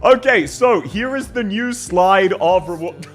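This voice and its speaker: A man's voice: high-pitched, lively intonation, unhurried. A man streaming live, chatting casually and getting flustered, laughing often as he rambles. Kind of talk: casual livestream chat. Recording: faint music behind.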